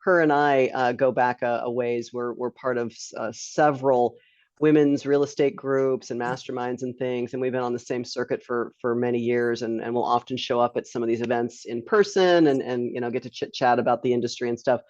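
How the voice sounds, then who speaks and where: A woman's voice: rumbling low, fairly even intonation, brisk, darkish tone, dry recording. Webinar host, woman, chatty and loose with laughing asides; dry, muffled video-call sound. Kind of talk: casual live webinar hosting. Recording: dull lo-fi dry online stream.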